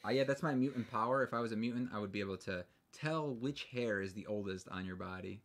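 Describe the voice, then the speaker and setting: A man's voice: fairly low pitch, fast talker, fairly bright tone. A man co-hosting a casual live stream, rambling and joking with frequent restarts. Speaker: livestream co-host.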